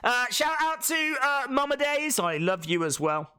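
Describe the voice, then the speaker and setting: A man chatting through a live watch-along reaction stream. He is excitable and reads out viewer comments as he goes. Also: very high-pitched, measured pace, clear, resonant tone.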